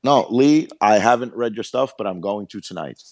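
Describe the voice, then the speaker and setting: Animated New York man. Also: lowish voice, normal speed. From Brooklyn, New York. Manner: emphatic, animated storyteller. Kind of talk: casual group chat.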